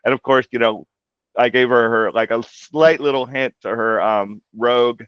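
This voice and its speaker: A man's voice: medium pitch, fairly even intonation, normal speed, clear, resonant tone, no room sound. A man guest talking casually about translating a comic, rambling with lots of "like" and "you know". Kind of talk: casual interview talk. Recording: dull lo-fi dry audio.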